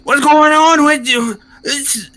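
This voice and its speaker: A man voicing a furious townsman whose cart was just wrecked, yelling and scolding in a high strained voice. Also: steady tone, slow pace, soft background music, heavily acted.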